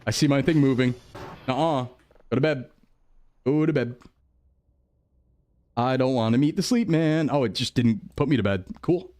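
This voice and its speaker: A man's voice: medium pitch, normal speed, long pauses, darkish tone. A male streamer in casual gameplay chat, rambling to himself and his chat, jumpy and easily startled.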